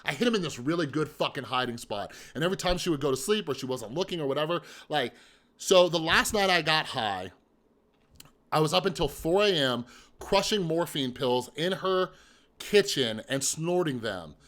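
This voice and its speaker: A man's voice: on the high side, lively intonation, normal speed, fairly bright tone. A man in his thirties telling his own story on a vlog, blunt and profane, with emphatic repetition and rhetorical asides to the listener. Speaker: mental health vlogger. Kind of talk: candid personal storytelling.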